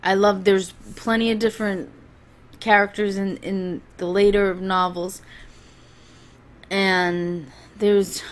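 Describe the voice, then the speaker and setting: Slow-talking chatty woman. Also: mid-range voice, little pitch movement. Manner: chatty, rambling, with frequent restarts and laughs. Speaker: book reviewer. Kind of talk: casual spoken book review.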